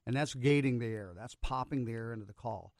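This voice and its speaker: Fast-talking man explaining a duck call. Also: mid-range voice, a little mellow, dry recording, clean studio sound. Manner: explanatory, walks through the sound step by step. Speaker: duck call expert guest. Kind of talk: casual radio talk, explaining a demonstration.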